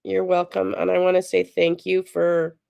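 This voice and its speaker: A woman's voice: lowish voice, monotone, normal speed, creaky, warm tone, clean tone, dry recording, studio quality. A woman hosting a casual live stream, chatty and sympathetic as she answers viewer chat aloud. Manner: emotional, sympathetic. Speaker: livestream host.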